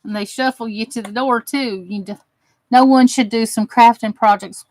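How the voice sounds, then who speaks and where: This low-quality, echo-free clip features a slightly high female voice with fairly even intonation and a moderate pace. She's a warm, chatty Southern US crafter, talking casually to her channel's viewers while working and drawling folksy phrases.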